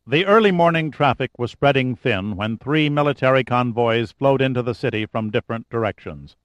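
A man giving an audiobook narration in a measured, steady reading style. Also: medium pitch, dry recording.

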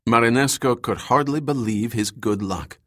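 A man reading an audiobook in measured scripted narration. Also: medium pitch, dry recording, clean studio sound.

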